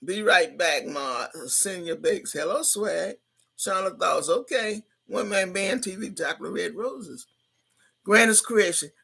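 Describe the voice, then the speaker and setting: A woman's voice: on the low side, expressive, a little slow, gravelly, pushed and bright, husky. A woman in her sixties hosting a livestream, reading viewers' comments aloud in a brash, profane way and laughing often. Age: 60s. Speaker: livestream host.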